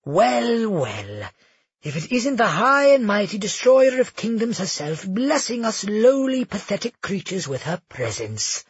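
A taunting prisoner with a lifted, sneering voice and a mocking edge, as a male narrator puts him on. The reading is husky and sounds dry and a little dull, like a close home recording. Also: on the high side, very animated, drawn-out words, hardly any pauses, darkish tone, no room sound, exaggerated voice. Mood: sneering taunts. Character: sarcastic male former assassin prisoner, taunting.

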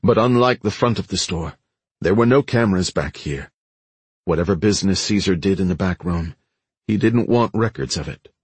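Deep husky male audiobook narrator. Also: animated, no room sound. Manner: measured, suspenseful storytelling. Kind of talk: scripted narration. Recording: dry close studio sound.

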